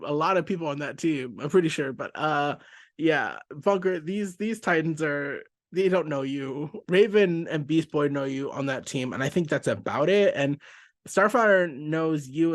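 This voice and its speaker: A man's voice: a little high, no echo, clean studio sound. A man hosting a casual comic book review, talking in a chatty, self-interrupting way and laughing easily. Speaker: comic book podcast host.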